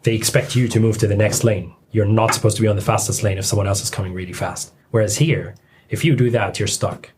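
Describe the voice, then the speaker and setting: Easygoing low-voiced man, faint background hiss. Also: fast talker. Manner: relaxed, many ums, easygoing. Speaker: podcast guest. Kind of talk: casual chat.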